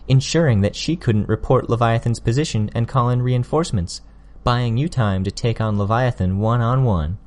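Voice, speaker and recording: A man reading an audiobook, voicing a sly, smug young woman who needles her opponents with quick, pointed jabs. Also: mid-range voice, darkish tone, pitched above the performer's own voice, close to an everyday voice.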